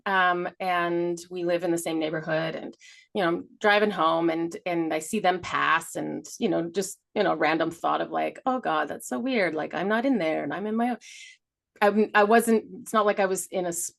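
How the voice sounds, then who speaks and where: A woman's voice: fairly low pitch, steady tone, moderate pace, creaky. A middle-aged woman co-hosting a podcast, telling a story in a rambling way, laughing often and swearing casually. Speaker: podcast co-host. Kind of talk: casual chat.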